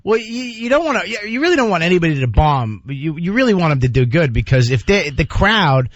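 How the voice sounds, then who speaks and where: A man's voice: on the high side, very animated, fast talker, no room sound, dull audio. A man guesting on a radio talk show, telling stories in a rambling way with laughs and restarts. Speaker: guest comedian. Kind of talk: casual radio chat.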